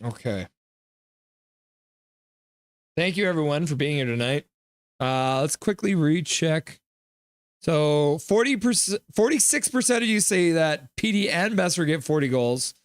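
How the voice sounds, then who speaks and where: A man hosting a live stream, reading chat aloud and thanking viewers in a loose, jokey way. His voice sits a bit high for a man. The sound is dry and close, with no room around it. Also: animated, unhurried, long pauses, dry recording. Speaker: host of a live hockey stream.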